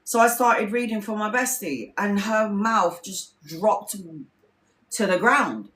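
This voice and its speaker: A woman's voice: mid-range voice, slow, fairly bright tone, roomy sound. A woman tarot reader telling stories in casual livestream chat. She is blunt and chatty, swears freely and acts out her friends' lines.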